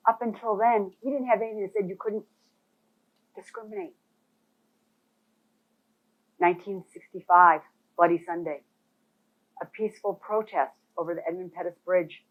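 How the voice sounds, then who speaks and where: A woman leading a real estate boot camp presentation, emphatic and talking straight to the people in the room. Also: mid-range voice. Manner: animated, emphatic, addresses audience directly. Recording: phone-like thin sound.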